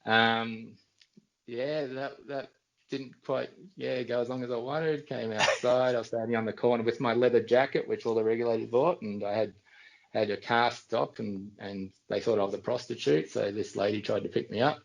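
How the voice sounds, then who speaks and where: A man's voice: mid-range voice, steady tone, normal speed, gravelly, lo-fi sound. A middle-aged Australian man, a podcast guest, telling casual, rambling anecdotes with frequent restarts. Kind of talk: casual storytelling.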